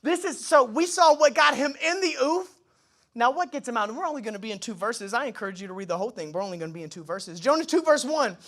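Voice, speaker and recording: A male pastor delivers a sermon from a church stage, his voice high and full of swooping pitch. He talks to the crowd casually, breaks into asides and acts out little dialogues in shifting voices. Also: lively intonation, fast talker, fairly bright tone. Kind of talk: energetic sermon.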